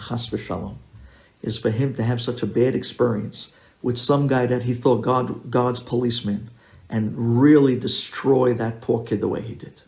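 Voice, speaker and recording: A rabbi telling a story to an audience, acting out the dialogue in a lively way. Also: male voice, mid-range voice. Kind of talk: storytelling talk.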